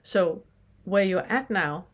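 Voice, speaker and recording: Soft-spoken woman teaching, slightly low voice. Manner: gentle, reflective, many restarts and pauses. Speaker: spiritual teacher. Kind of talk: recorded online lesson.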